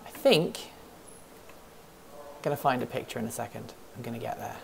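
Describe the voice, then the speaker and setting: A woman's voice: rumbling low, moderate pace, gravelly, very noisy. A woman hosting a casual livestream from an office, rambling, thinking aloud and answering chat questions as she goes. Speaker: host of a livestream hangout. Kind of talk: casual live-stream chat.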